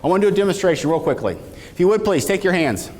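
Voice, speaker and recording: A man on stage delivering a motivational keynote, his slightly high voice swinging widely in pitch as he tells a story. He talks to the crowd and asks them to repeat after him. The sound carries a long reverb from a large hall. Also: rapid-fire. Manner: animated storytelling with audience call-outs. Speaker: keynote speaker.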